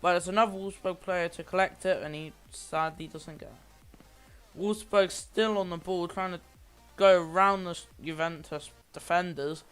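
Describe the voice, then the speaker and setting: High, smooth-voiced amateur match commentator. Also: male voice, fairly even intonation, measured pace, a bit bright, soft background music. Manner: rambling, with frequent restarts and self-corrections.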